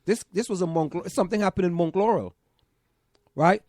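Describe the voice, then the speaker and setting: A man's voice: sits high, fairly quick, a little mellow, no echo, studio quality. A man with a Trinidadian accent, co-hosting a casual chat podcast, insistent and full of stammering restarts. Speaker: podcast co-host.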